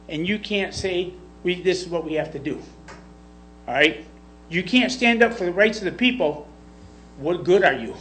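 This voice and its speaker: A man's voice: sits high, fairly bright tone, a little hiss or hum, rough recording. A man giving a confrontational, emotional public comment at a county board meeting, lecturing the officials. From Michigan.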